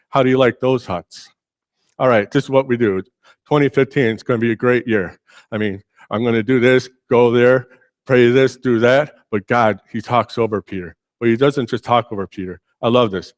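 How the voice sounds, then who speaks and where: A man delivers a church sermon, retelling scripture with lively, conversational flair and putting on quick voices for the characters. His voice sits in a middle pitch, and the sound is close and dry with little room echo. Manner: animated storytelling, acting out biblical figures in casual speech. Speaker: pastor.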